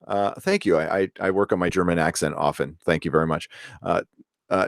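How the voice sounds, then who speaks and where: A man hosting a casual live stream, reviewing an episode and reading out viewer comments in a rambling, relaxed way. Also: on the low side, moderate pace, clear, resonant tone, no echo, clean studio sound. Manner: rambling and relaxed, many fillers and restarts.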